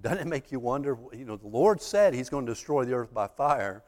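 A man's voice: medium pitch, lively intonation, a little fast. Preacher man in a reverberant hall. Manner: storytelling, acts out the judge and the accused, builds to loud emphatic peaks. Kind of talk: sermon.

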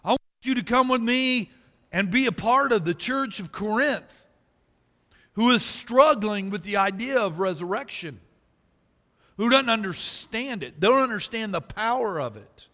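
Pastor, male, high bright voice, folksy and emphatic, big church reverb. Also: animated, a little slow. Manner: folksy storytelling preacher, rises to loud emphasis. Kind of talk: sermon. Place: church sanctuary. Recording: reverberant hall.

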